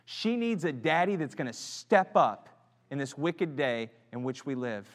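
Fervent preacher in a reverberant church. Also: male voice, mid-range voice, expressive, unhurried. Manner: builds from quiet to shouting fervor. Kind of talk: sermon. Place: church sanctuary. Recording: long church hall reverb.

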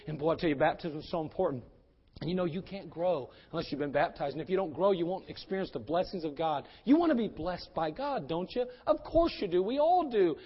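A man preaching a sermon, moving between loud, urgent exhortation and quiet pleading. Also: high-pitched, breathy edge, long reverb tail, lo-fi sound.

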